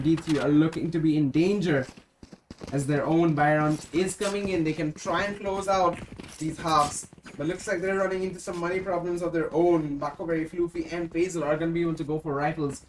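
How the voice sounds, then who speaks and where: Excited play-by-play esports caster. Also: a little hiss or hum, poor audio. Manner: rapid game calls with excited rises on kills; drops to a low aside when correcting himself. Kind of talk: play-by-play commentary.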